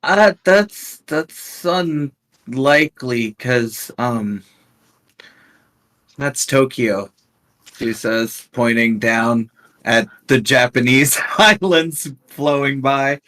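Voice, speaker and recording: A man speaks as a tabletop player at an extremely slow, unhurried pace. His remarks come out dry and a touch sarcastic, at a medium pitch. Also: fairly bright tone. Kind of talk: playing a tabletop game.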